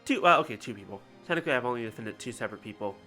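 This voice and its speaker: A man live-streaming a story game, reading along and reacting with sarcasm and sudden excited outbursts, sometimes swearing. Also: mid-range voice, racing, faint music behind. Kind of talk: casual let's-play commentary.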